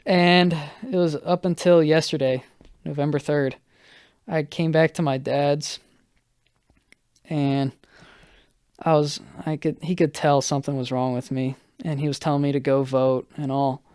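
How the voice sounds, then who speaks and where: A young man hosts his podcast alone and recounts a rough few days at an unhurried pace. His voice is smooth and clear, recorded dry and close to the mic. He stumbles through fillers and restarts and pokes fun at himself. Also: a little high, little pitch movement, a little mellow, no echo. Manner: halting, filler-heavy, self-deprecating. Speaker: podcast host. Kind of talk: casual solo storytelling.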